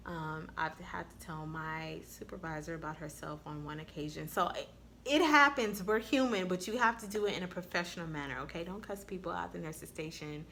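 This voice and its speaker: A woman nurse talks straight to her viewers in a casual advice vlog. Her voice sits a little low but sounds bright and forceful. She tells candid stories and swears bluntly. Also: brisk, a little hiss or hum. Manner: blunt, candid storytelling with profanity.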